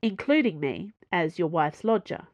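A woman's voice: fairly low pitch, animated, moderate pace, no echo. A woman voicing an earnest, firm young woman pilot in an audiobook reading.

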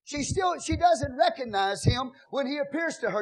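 High-voiced preacher, shouting and singing. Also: male voice, animated, moderate pace. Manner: swings from soft storytelling to shouted, sing-song preaching. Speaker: pastor. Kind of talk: sermon.

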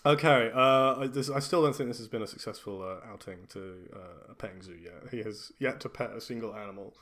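A man runs a tabletop game, narrating slowly with bursts of laughter. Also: lowish voice, a bit bright. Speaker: game master.

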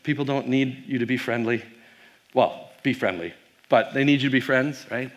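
A man's voice: mid-range voice, normal speed. A man, a pastor, giving a casual keynote talk to a youth audience, telling stories with fillers and quizzing the crowd.

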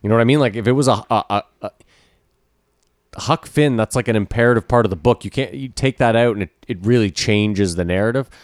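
Low-voiced man, hesitant and dry. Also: brisk, no echo. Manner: hesitant and weighing both sides. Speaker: podcast co-host. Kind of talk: casual discussion.

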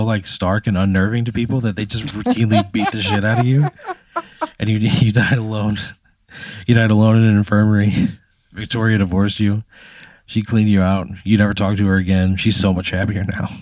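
Male co-host, low voice, dry close sound, rambling improvised comic storyteller. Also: flat delivery, normal speed, a little mellow, no echo. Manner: rambling, full of fillers and laughs. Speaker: comedy podcast co-host.

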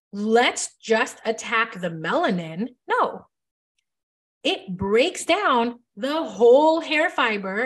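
Woman, hair educator, casual chatty lecture delivery, slightly higher pitch, emphatic and repetitive. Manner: chatty, emphatic, repeats key points with "right?" and "like". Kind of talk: casual teaching monologue.

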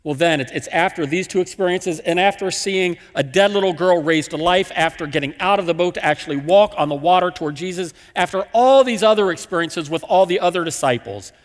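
A man's voice: sits high, a little fast, few pauses, long reverb tail. A man preaching a sermon as a pastor, telling the story with emphatic, repeated phrases.

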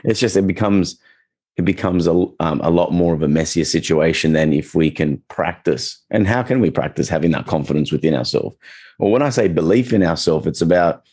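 A man talking casually as a dog trainer, chatty and relaxed, acting out little quoted reactions as he explains. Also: sits low, brisk, husky. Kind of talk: casual podcast chat.

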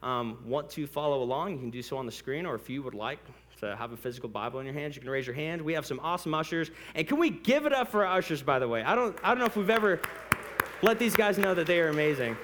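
Lively, conversational male preacher. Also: a little high, fast talker, slight background noise. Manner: conversational, playful, with asides to the congregation. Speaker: pastor. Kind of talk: sermon. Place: church.

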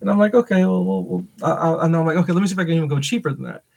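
Husky high-voiced man telling stories. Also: very fast. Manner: animated storytelling, laughs often. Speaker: podcast co-host. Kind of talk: casual chat.

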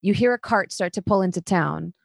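A woman's voice: on the low side, brisk, vocal fry, no room sound. Casual woman dungeon master, dry sound. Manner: casual, with many fillers. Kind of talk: narrating a tabletop game.

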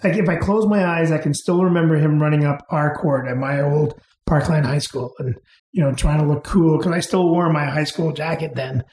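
Interview guest, man, easygoing rambling stories; mellow, slightly high voice in a reverberant room. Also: moderate pace. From England, raised in Canada. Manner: relaxed, rambling with fillers and restarts. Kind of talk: casual storytelling.

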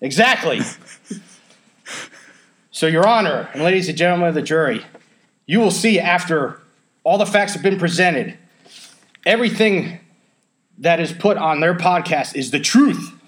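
A man's voice: on the high side, animated, a little slow, long pauses, a bit bright. A man hosting a podcast, opening with a playful mock courtroom speech before chatting casually. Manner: playful, theatrical mock-lawyer delivery. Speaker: podcast host.

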